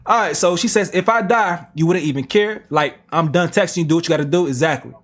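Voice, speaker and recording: A man's voice: a little high, fast talker. A man reading text messages aloud on a reaction stream, with slangy asides. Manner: plain reading broken by slang asides and laughs.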